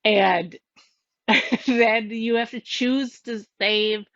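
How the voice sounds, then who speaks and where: A woman's voice: a little high, fairly even intonation, drawn-out words, a bit bright, no room sound, highs cut off. A woman casually retelling a game's plot, rambling and giggly, full of "like" and little voices for the characters. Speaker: storyteller recounting a game plot.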